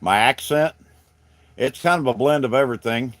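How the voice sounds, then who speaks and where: A middle-aged man with a Southern drawl, talking folksy and rambling to his livestream viewers. His voice sits at an ordinary pitch. It is recorded dry and close, with no room sound. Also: moderate pace, a bit bright, dry recording. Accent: Southern American. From South Carolina. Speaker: livestream host. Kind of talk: casual livestream chat greeting viewers.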